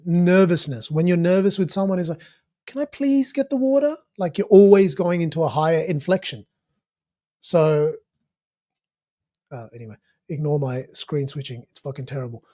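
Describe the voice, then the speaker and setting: High-pitched guy rambling through a clip breakdown, lots of uh and you know, swears a bit. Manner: animated, filler-heavy, restarts, swears casually. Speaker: commentator analysing a played interview clip. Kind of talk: casual spoken analysis.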